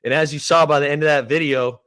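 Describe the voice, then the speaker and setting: A man in his thirties from Canada, hosting a casual sports podcast, telling a game story in an animated way and acting out quoted lines. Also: a little high, quick pace. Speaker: podcast host, former player.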